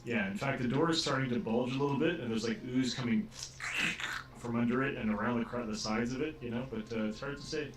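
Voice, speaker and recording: A man running a tabletop game as game master, narrating in a halting way full of filler sounds. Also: medium pitch. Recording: roomy, distant from the mic.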